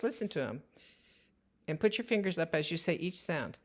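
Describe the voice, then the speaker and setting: A woman explains at an unhurried pace how to guide a child through word sounds. Her voice sits a little lower than most women's, and she breaks words into their separate sounds with patient clarity. Her narration is steady and instructional. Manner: slow, careful, spells out word sounds. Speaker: teacher.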